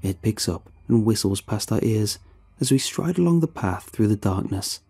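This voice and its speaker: A man narrating a scripted horror story in a slow, measured way. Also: on the low side, expressive, vocal fry, mellow, breathy edge.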